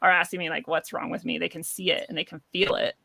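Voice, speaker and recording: A young woman interviewed as a guest, telling a personal story in a lively way, laughing often and acting out what people said. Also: fairly low pitch, fast, creaky, no echo. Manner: animated, laughs often, acts out quoted voices. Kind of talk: conversational storytelling.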